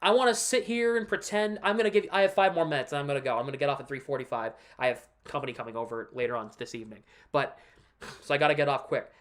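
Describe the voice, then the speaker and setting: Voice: medium pitch, fast talker, a bit bright. A livestream host and devoted hockey fan giving casual, emphatic commentary, walking viewers through a play on screen and ranting about the team's losses.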